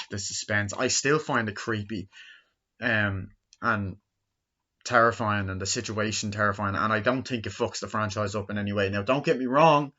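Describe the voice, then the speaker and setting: A man's voice: on the low side, sharp tone. A man in his twenties giving a rambling, profane movie review from his bedroom, acting out scenes in a raised voice. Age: 20s. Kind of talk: casual spoken film review. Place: bedroom, indoors. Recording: dull lo-fi home recording.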